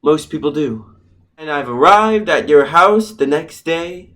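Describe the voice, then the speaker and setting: A man's voice: on the high side, expressive, measured pace, fairly bright tone. A smug, lovesick rich young man. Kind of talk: student comedy stage play.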